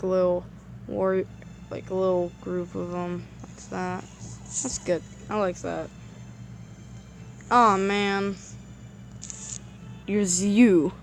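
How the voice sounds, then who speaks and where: An excitable woman chats her way through a game at an unhurried, drawn-out pace. She rambles, trips over her words and repeats herself when things go wrong, then drifts back to easy chatter. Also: medium pitch. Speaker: gameplay commentator. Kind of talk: casual gameplay commentary.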